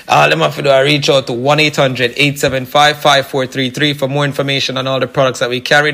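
A man doing a Jamaican-accented pitchman. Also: gravelly, bright, forceful tone. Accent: put-on Jamaican patois. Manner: pushy, chatty sales patter. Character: male pitchman in a put-on Jamaican voice. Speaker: sales promoter.

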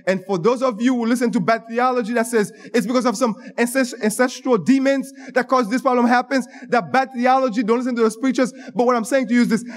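A male pastor with a notably high voice delivers a sermon. He speaks emphatically and often breaks into stammers and restarts as he searches for his words.

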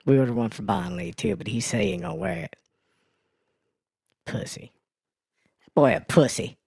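A man voicing a brash, foul-mouthed woman who reads crude news and weather on a comedy radio show, ranting with a gravelly sass. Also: fairly high pitch, lively intonation, moderate pace, a little mellow, no echo, studio quality, full character voice. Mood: sassy. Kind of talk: comedy radio character bit.

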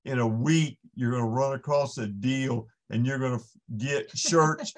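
A man's voice: mid-range voice, a little slow. A man, a podcast guest, giving an impassioned faith testimony in an earnest storytelling manner with frequent restarts.

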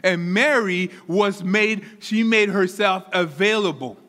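A man preaching a sermon as pastor, animated, often repeating words as he builds a point. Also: high voice, slow, long reverb tail. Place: church.

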